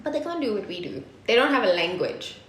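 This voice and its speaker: South African woman, podcast co-host, animated chat, roomy recording. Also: mid-range voice, quick pace. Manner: animated, laughs often. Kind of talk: casual chat. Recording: roomy with faint noise.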